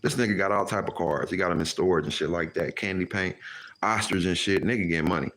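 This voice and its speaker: Low-voiced man telling a street story. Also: quick pace. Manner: animated, acts out quoted voices, heavy slang. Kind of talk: casual storytelling.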